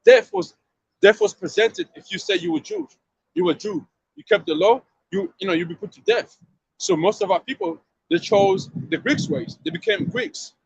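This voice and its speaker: Street preacher guy, high voice that jumps all over, slangy, keeps asking "you see what i mean". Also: huge pitch swings, normal speed, creaky, no room sound, highs cut off. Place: outdoors on a street.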